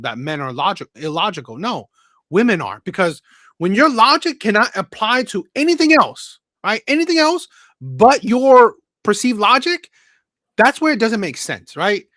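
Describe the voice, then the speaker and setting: A man hosting a call-in commentary stream with a high, bright voice. He rambles, restarts his words and keeps asking "right?". The sound is dry and close. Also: no echo. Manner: rambling, repeats words, asks "right?" often. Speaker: host.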